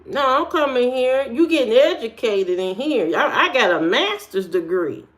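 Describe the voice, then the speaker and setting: A woman's voice: a little high, big pitch swings, normal speed. An American woman streaming and answering chat in a sassy, joking, slangy way, talking straight to her viewers with frequent fillers. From United States. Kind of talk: casual chat.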